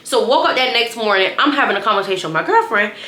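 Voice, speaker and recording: A young woman recounts a story straight to her viewers in a loose, chatty storytime. She keeps calling out to them and circles back over her own phrases. Her voice is bright and forward, and the room around her sounds echoey. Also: fairly high pitch, animated, fast talker. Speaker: vlogger telling a story. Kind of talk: casual storytime to camera.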